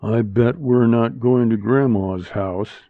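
A man's voice: mid-range voice, slow, no room sound, natural voice. A man doing a wry wisecracking man. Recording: tinny phone-like dry sound.

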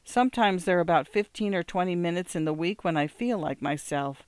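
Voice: mid-range voice, animated, fairly quick, clear, resonant tone, dry recording, natural voice. A narrator voicing a weary, worn-down middle-aged wife who speaks in a tired, plaintive way.

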